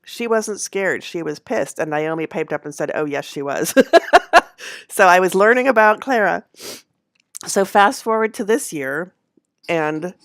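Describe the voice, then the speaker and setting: A woman with a low voice tells a personal story casually to her viewers. She rambles, corrects herself and laughs often. The sound is close and dry. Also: creaky, no echo. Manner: rambling, with fillers and self-corrections. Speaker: handknitter.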